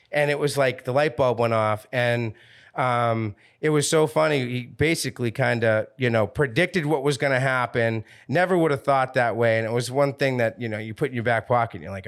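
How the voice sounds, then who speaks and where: A man's voice: medium pitch, brisk, a bit bright. A man with a Northeastern US accent telling a fishing story on a podcast, acting out the voices of the people he quotes. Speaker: fishing captain guest.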